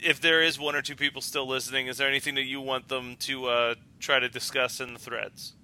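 A man hosts a casual movie podcast and keeps the conversation moving. His tone is very bright and sharp, and he laughs easily. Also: medium pitch, flat delivery, clean tone, no echo. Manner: steers the talk, quick laughs. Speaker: podcast host.

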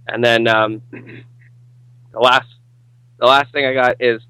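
A man's voice: medium pitch, level tone, takes it slowly, pushed and bright, smooth, no echo, poor audio. Laid-back young man rambling about movies. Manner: rambling, swears casually, laughs often. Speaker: podcast co-host. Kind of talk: casual movie discussion.

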